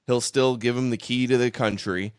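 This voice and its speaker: A man hosting a casual political chat show, measured and a bit hesitant, repeating words as he thinks. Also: mid-range voice, steady tone, clear, resonant tone, dry recording, clean studio sound. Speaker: podcast host.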